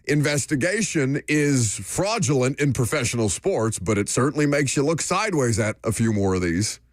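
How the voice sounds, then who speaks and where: A man's voice: mid-range voice, no echo, studio quality. Opinionated sports radio host man. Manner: opinionated, emphatic, joking. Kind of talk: casual sports talk radio.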